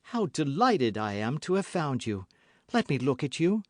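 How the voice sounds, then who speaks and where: A man's voice: on the high side, sing-song, normal speed, no echo, studio quality, pitched above the performer's own voice. A man doing a cunning, falsely sweet noblewoman. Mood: scheming.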